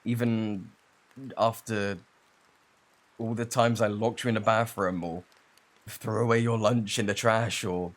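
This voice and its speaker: A surly young British student bully, rude and curt on the surface but shaky underneath, as a young man acts him out. His voice sits a little low. He talks in a close ASMR role-play. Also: natural voice. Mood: softening.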